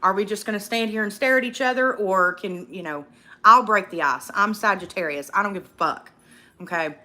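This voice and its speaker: Young woman on a livestream, loud mouthed and swearing, bright sharp voice, just chatting while she eats. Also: medium pitch, a little fast. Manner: outspoken, profane, fired-up ranting; reads viewer comments aloud. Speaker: livestream host. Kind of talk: casual livestream chat while eating.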